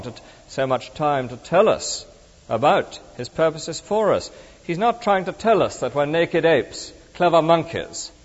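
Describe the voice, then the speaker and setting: A middle-aged man preaching a sermon in a conversational, animated way that swings between emphatic and hushed. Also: medium pitch. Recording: dull reverberant hall recording.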